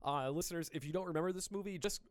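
A man's voice: fairly high pitch, rapid-fire, no room sound. A man hosting a podcast in loose, joking casual chat, swearing freely. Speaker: podcast host.

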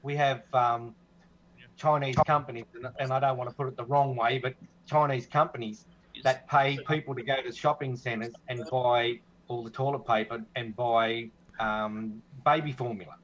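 A man's voice: medium pitch, steady tone, fairly bright tone. Australian man, dull lo-fi call audio. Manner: rambling, halting restarts. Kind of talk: casual chat over video call.

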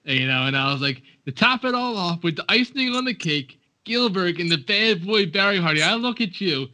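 An eager male interviewer with a bright, tense voice that sits a bit high for a man. He reminisces like a devoted fan and keeps nudging his guest toward the next story. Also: lively intonation, normal speed, low-quality recording. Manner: enthusiastic fan, fond recollections and prompting questions. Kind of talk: casual interview.

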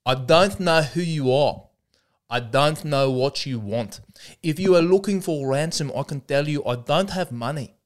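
A man's voice: a little high, close to an everyday voice. A man doing a South African accent to play a menacing father who coldly threatens his daughter's kidnappers in a comic monologue. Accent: South African (put on). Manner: slow, clipped, deliberate threats. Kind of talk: comedic impression monologue.

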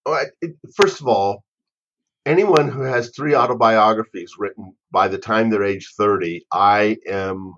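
A man guest on a podcast panel chat, wry with deadpan asides. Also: on the low side, a little slow, muffled recording.

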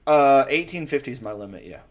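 A young man in casual chat, rambling and profane, telling animated stories. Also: mid-range voice, quick pace, crowd noise.

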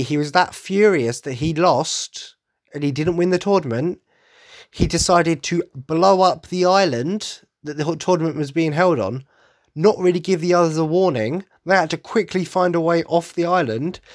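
In a fairly high voice, a young podcast host delivers a casual solo monologue, gushing as an eager fan and tossing in quick asides. The recording is dry and studio-clean.

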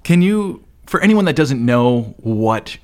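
A man's voice: medium pitch, very animated, slow pace. A male podcast host chatting casually with a guest, laughing easily and rambling loosely. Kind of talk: casual interview chat.

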